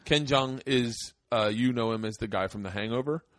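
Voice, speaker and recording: A man's voice: mid-range voice, normal speed, no echo, clean studio sound. A man hosting a podcast, telling a story in casual, profane chat and acting out the quotes in a raised voice. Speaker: podcast host.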